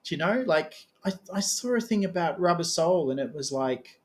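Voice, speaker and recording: A man interviewing a musician in a casual, chatty way, joking and thinking aloud. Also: a little high. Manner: chatty, animated, quick to joke. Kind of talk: casual conversation.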